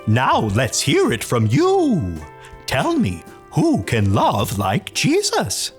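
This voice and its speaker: A woman's voice: low-pitched, wildly swooping pitch, slow pace, soft background music, heavily acted. Ollie, a woman voicing a hooting owl puppet. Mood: gentle. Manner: rhyming sing-song storytelling with hooting. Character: friendly owl puppet storyteller.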